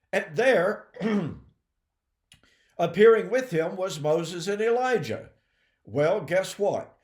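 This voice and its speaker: A man teaching the Bible in a high, animated voice, leaning hard on key words and addressing his listeners as folks. He talks at an unhurried, deliberate pace and clears his throat now and then. The recording carries a roomy echo. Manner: emphatic, addresses listeners as folks and ladies and gentlemen.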